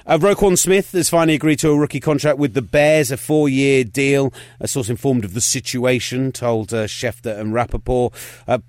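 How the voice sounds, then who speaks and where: A man's voice: medium pitch, a little mellow, no echo, clean studio sound. A man co-hosting a podcast, talking sports in a casual, opinionated and wry way. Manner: opinionated, rapid-fire and wry. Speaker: podcast co-host.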